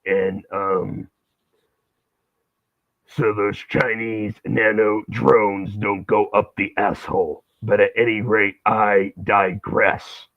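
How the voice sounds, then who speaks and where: A man putting on a rambling, paranoid male preacher character with a Boston accent, talking slowly and low. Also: level tone, no room sound. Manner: slow, rambling, low and mumbling. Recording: tinny, phone-like, dry sound.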